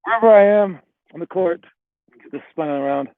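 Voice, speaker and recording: A man's voice: sits high, fairly quick, dry recording. A man coaching basketball players, giving a rambling motivational talk full of "all right" and "like" before walking them through a drill. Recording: dry, tinny phone-like sound.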